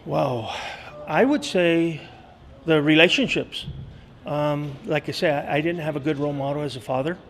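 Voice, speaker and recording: A school custodian in his sixties, talking earnestly in an interview with many pauses and fillers. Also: a little high, a little hiss or hum. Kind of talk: interview storytelling.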